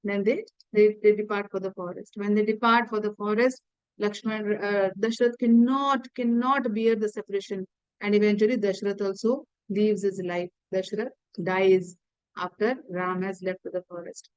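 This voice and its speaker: A woman's voice: mid-range voice, fairly even intonation, smooth, no room sound, highs cut off. A woman with an Indian English accent tells an epic story as a lesson for teenagers. She halts often and repeats words. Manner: halting, repeats words, many fillers. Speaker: teacher.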